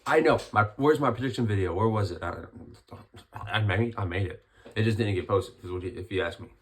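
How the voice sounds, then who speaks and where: Young guy, hoarse voice after being sick, lowish tone, chatty fight breakdown vlog. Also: a little fast. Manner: chatty, rambling, lots of restarts. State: hoarse, recovering from illness. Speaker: MMA commentary vlogger.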